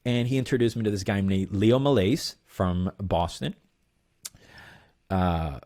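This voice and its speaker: Guy with a lowish voice rambling through a story in an interview, lots of ums and blah blah. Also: unhurried. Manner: animated, rambling, lots of fillers. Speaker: guest musician.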